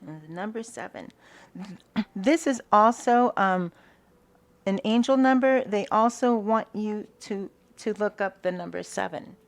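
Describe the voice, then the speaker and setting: Unhurried woman doing a spiritual card reading, soft and halting, mid-pitched. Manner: slow, soft-spoken, hesitant with fillers; invocation-like gratitude prayer. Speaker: tarot reader.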